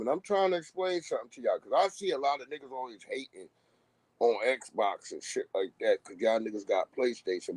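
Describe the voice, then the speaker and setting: A man's voice: mid-range voice, normal speed, darkish tone, no room sound. A man hosting a live stream, rambling in casual street slang and laughing as he talks.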